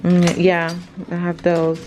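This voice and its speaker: A woman from Jamaica hosting a casual family vlog at home, chatting in an unhurried way with many filler words. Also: on the low side, completely flat delivery. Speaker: mother and family vlog host. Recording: noisy home recording.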